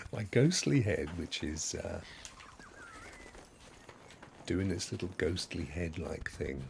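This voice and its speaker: Gravelly man rambling over gameplay. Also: sits low, lively intonation, slow pace, pauses often, slight background noise. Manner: rambling, chatty, laughs often. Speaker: streamer. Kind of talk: casual gameplay commentary.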